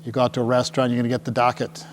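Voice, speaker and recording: A middle-aged man, mid-pitched, speaks casually to a small crowd in a meeting room, joking and checking in with his listeners. His voice rings with a long hall reverb, and a faint hum sits underneath. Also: monotone, very fast. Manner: jokey and chatty, often asks the crowd "right?". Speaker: tour company presenter. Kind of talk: casual presentation to a live audience.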